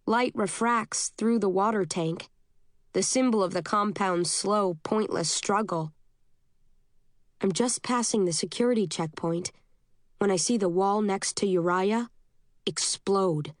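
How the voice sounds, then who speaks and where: A woman reading a first-person novel aloud as an audiobook narrator, steady and measured. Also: medium pitch, no room sound, clean studio sound.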